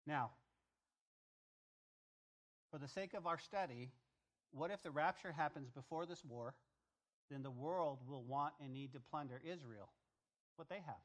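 A man with a fairly high voice delivers a sermon-style Bible lesson. He talks straight to his listeners, doubling back on phrases and pressing them with rhetorical questions. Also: unhurried, long pauses, fairly bright tone. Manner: talks directly to the congregation. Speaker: pastor.

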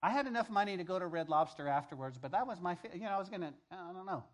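Man, middle-aged pastor, sermon, chatty animated preaching, somewhat high voice. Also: very fast. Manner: conversational, animated preaching with repeated phrases.

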